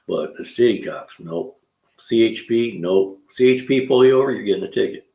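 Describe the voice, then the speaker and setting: A man's voice: fairly low pitch, normal speed, creaky, warm tone. A man hosting a live stream in his garage, chatting casually and telling rambling stories to his viewers. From California. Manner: rambling, talkative storyteller with slang. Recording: roomy echo.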